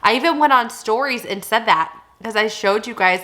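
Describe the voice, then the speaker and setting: A woman's voice: fairly high pitch, normal speed, sharp tone. A woman in her thirties chatting casually in a haul vlog, rambling and giggling as she shows off her finds. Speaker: vlogger showing a haul. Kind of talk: casual chat.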